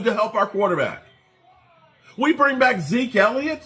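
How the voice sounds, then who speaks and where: A man's voice: high-pitched, big pitch swings, measured pace, pauses often, fairly bright tone. A man hosting a fan channel, delivering an angry, repetitive rant with swearing.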